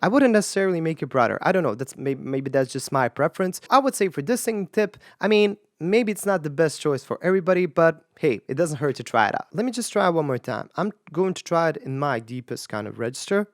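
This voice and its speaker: A woman's voice: deep voice, expressive, fast, few pauses, no room sound, clean studio sound. A woman vocal coach talking casually while she reacts to clips and tries the exercises, often thinking aloud and hedging her opinions. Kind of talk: casual commentary with sung demonstrations.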